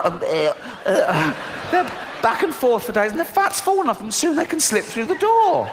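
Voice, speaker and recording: A man's voice: very high-pitched, sing-song, moderate pace. A middle-aged man from Britain performing a mocking, sardonic stand-up routine on a theater stage, swearing freely. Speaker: stand-up comedian. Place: theater stage before a laughing audience. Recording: long hall reverb, faint noise.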